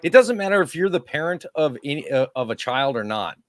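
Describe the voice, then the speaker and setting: Here a podcast co-host talks fairly quickly in a slightly high voice, with no room sound at all. His chat is casual and his stories are crude, told with energy as he imitates each person through put-on voices.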